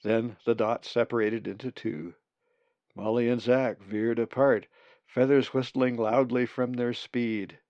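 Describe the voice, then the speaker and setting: Male storybook narrator, low gravelly voice, dull dry recording. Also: flat delivery, a little mellow, no room sound. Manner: slow, measured reading.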